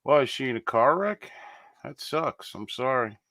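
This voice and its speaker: A man's voice: mid-range voice, animated, moderate pace, a bit bright, no room sound. A male host in casual live-stream chat, weary and sarcastic.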